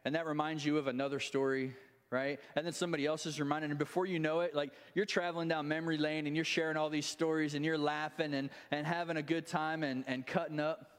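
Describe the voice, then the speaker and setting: A man's voice: a little high, little pitch movement, fast, smooth. A male pastor preaching a sermon, telling stories conversationally with many restarts and asides. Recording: long hall reverb.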